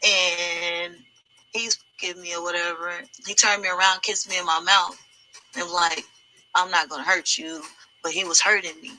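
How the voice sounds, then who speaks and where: A woman giving a halting, distressed first-person account, restarting her sentences as she relives painful memories. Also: lowish voice, steady tone, pushed and bright, faint music behind, low-quality recording. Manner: halting, hesitant, many restarts. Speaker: alleged victim giving testimony.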